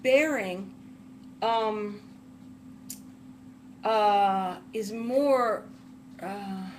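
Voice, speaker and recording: Reading passages aloud, a female literature teacher gives a careful lecture, taking sentences apart word by word. Her mid-range voice comes with a little hiss or hum. She is deliberate, spelling words out one by one as she writes.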